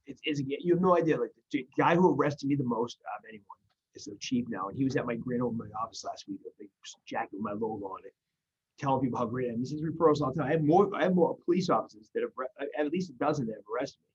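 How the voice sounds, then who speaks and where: A man's voice: medium pitch, very fast, a little mellow, breathy edge, dull audio. A man in casual conversation, talking earnestly about recovery and faith, rambling with restarts. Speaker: guest in recovery.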